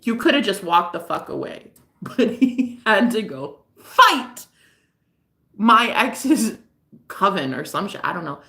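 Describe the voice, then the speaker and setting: A woman chatting in a casual, gossipy vlog monologue, animated and profane, often laughing as she talks. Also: mid-range voice, takes it slowly, creaky. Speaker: spiritual reader and vlogger.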